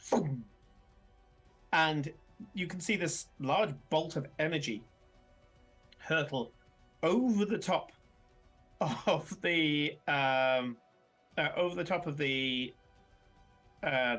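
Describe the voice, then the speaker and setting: Male game master, bright voice, somewhat high, halting narration with fillers, faint music behind. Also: lively intonation. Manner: rambling with many fillers and chuckles.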